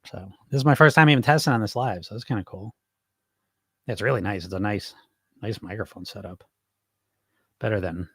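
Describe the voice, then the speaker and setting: A man's voice: lowish voice, animated, fairly quick, pauses often, slightly rough, no room sound, clean studio sound. A man hosting a live weight-loss podcast, talking bluntly and profanely with pep-talk energy and reading viewer comments. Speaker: weight-loss hypnosis coach and podcast host. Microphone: wireless microphone.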